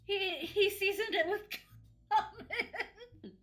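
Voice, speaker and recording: A woman playing in a tabletop game, reacting in an excitable way with gasps. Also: extremely high pitch, slow, faint music behind. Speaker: player.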